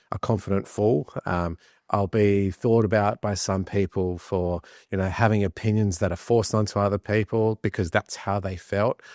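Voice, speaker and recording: A man's voice: low voice, no echo, studio quality. A man, a podcast guest telling candid stories with restarts and self-deprecating humor. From Australia. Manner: animated storyteller, many restarts, self-deprecating.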